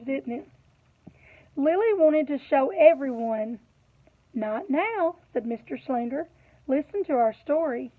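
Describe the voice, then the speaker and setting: A woman reading a picture book aloud to children, animated, pausing to ask them questions. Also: high voice. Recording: tinny phone-like audio.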